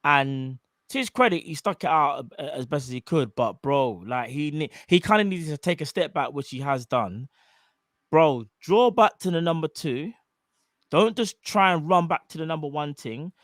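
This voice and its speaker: A man co-hosting a live fan show, talking in a joking, emphatic, animated way. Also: fairly high pitch, normal speed, no echo, clean studio sound. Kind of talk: casual live-stream chat. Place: home studio.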